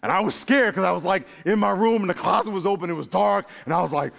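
A high-voiced male pastor delivers a sermon to his congregation, speaking quickly with vocal fry. He's animated and jokey, acting out little voices and addressing the crowd as "y'all," while a long reverb trails through the church hall.

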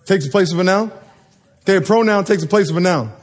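A man with a high voice talks quickly, preaching a sermon to a live congregation. He jokes with the people in front of him and quizzes them in a call-and-response style.

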